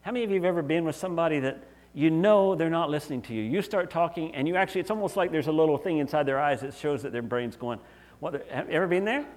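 A man's voice: a little high, quick pace, a little mellow. A middle-aged male pastor preaching a sermon in an earnest, conversational way, often acting out quoted voices.

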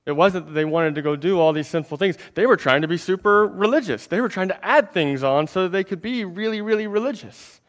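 Guy preaching a sermon, kinda high voice, talks casual to the congregation, repeats himself a lot. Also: brisk, hardly any pauses. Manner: conversational preaching with repeated words and asides to the congregation; animated swings between emphatic and hushed delivery. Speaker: pastor.

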